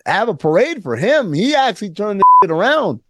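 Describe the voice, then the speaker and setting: A man co-hosting a casual sports talk show, emphatic and animated, often mimicking other voices. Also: sits high, fairly quick, no echo, clean studio sound. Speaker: podcast co-host.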